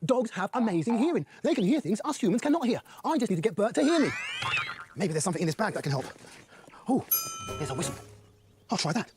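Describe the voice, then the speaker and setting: A man's voice: high voice, sing-song, fast talker, pauses often, noisy background. A man playing a cheerful, bumbling dog walker in a children's show, chatting away to his dog. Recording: voice over loud background music.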